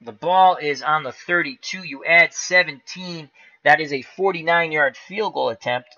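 Calling every dice roll of a tabletop football game at normal speed, this man livestreams casual play-by-play in a slightly high voice. Big plays get him excited, and the audio has a lo-fi quality.

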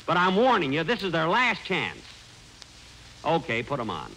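A man's voice: on the high side, wildly swooping pitch, moderate pace, pushed and bright, poor audio. A middle-aged man hosting a 1940s radio comedy, given to exasperated, indignant double-takes. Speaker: comedian host. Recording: hissy 1940s radio broadcast.

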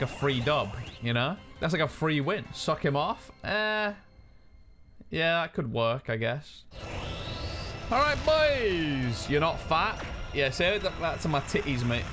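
A man chatting casually and swearing excitably while streaming a video game. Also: on the high side. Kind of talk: casual gaming stream chat.

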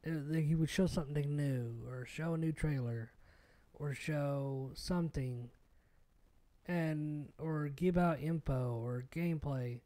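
A man's voice: a little high, slow, warm tone. A young man hosting a solo podcast, ranting casually and at length, with plenty of swearing, fillers and restarts. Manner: rambling and profane, with many fillers and restarts. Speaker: podcast host.

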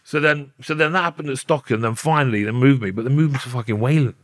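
A man's voice: medium pitch, quick pace, no room sound, clean studio sound. A middle-aged man with a Nottingham accent, a podcast guest telling his story bluntly in a casual interview, with plenty of swearing. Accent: Nottingham English. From Nottingham, England.

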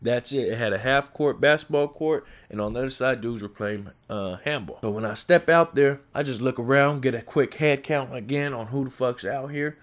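Young californian dude telling a jail story, slangy, keeps laughing, mid-pitch voice. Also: male voice, normal speed, hardly any pauses. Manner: streetwise slang, laughs often, animated retelling. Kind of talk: casual storytelling.

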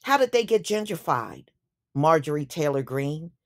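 A woman's voice: sits low, very animated, normal speed. A woman delivering an opinion commentary vlog, speaking emphatically and indignantly and repeating phrases for effect. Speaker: YouTube commentator.

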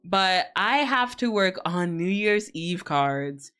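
Woman streamer, lowish voice, teasing and foul-mouthed, laughs a lot, faint music underneath. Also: lively intonation, slow, a bit bright, smooth. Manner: giggly, teasing and profane, greets viewers by name. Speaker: streamer hosting a co-working stream. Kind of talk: casual live-stream chat with viewers.

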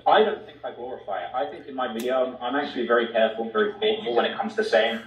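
A man defending his videos in a debate, explaining his view in a measured, careful way. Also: mid-range voice, slight background noise. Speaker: YouTube documentary creator in a debate clip. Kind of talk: debate argument. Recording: distant roomy muffled clip audio.

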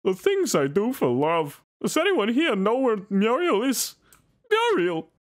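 This man puts on a full character voice, pitched above his own, to play a cranky, whiny old cartoon farmer. It comes out high-pitched and a little slow, with huge swings in pitch.

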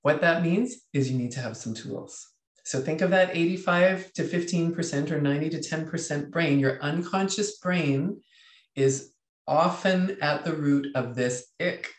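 A man, a leadership coach teaching a webinar in a lively way, reading out chat comments and acting out inner voices. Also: a little high, moderate pace, echoey room.

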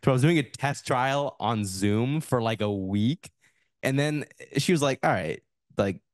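A man's voice: medium pitch, unhurried, no room sound, studio quality. A man as a podcast guest, chatting casually in a laid-back, rambling way full of "like".

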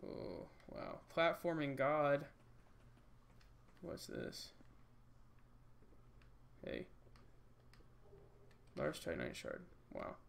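A man's voice: a little high, wildly swooping pitch, drawn-out words, gravelly, pauses often, a little hiss or hum. A man giving casual let's-play commentary, joking and rambling and talking to the enemies on screen. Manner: jokey, rambling, talks to game enemies. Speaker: gaming channel host.

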